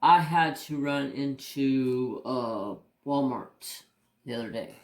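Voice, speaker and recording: In a slow, medium-pitched voice, this crafting-channel host rambles through stories while working at his craft table. He's candid and mildly profane, often starting his sentences over, and the recording carries a roomy echo.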